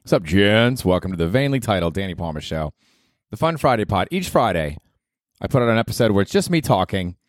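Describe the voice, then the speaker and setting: A man's voice: fairly low pitch, sing-song, a little fast, no room sound, clean studio sound. Self-mocking male podcast host. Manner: self-mocking, rambling, with filler. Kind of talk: solo comedy podcast monologue.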